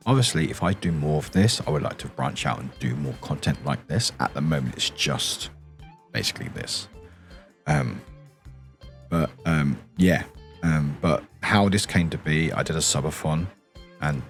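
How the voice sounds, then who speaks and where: A British man streaming late at night with a deep, quiet morning voice, rambling and giggling as he answers his chat. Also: gravelly.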